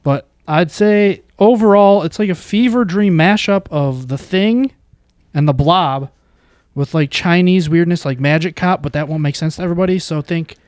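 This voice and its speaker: Enthusiastic man with a slightly high voice. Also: moderate pace, darkish tone, no echo, studio quality. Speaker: podcast co-host. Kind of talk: casual movie review chat.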